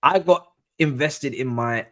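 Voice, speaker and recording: A man telling a story as a guest in a casual chat, slangy and animated. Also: a little slow. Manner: animated, slangy storyteller with lively pitch swings. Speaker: podcast guest.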